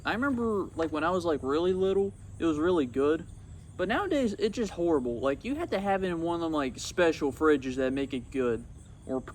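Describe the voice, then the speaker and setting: A young man talking casually about his old video on his phone outdoors, rambling and excitable. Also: a little high, slight background noise. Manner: rambling and excitable, swats at bugs. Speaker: YouTuber. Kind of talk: casual vlog commentary. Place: outdoors among insects.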